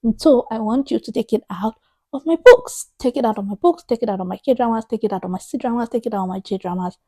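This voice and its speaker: Woman, thirties, book vlogger, emphatic, exasperated, mellow tone, dry close recording. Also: on the high side, fast talker, no room sound. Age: 30s. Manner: emphatic, exasperated, repeats herself for effect. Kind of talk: chatty opinion vlog.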